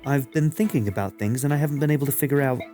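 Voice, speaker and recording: A man's voice: mid-range voice, very fast, dark tone, soft background music, lightly acted. A man voicing an earnest young female soldier in a video game let's play, asking searching questions.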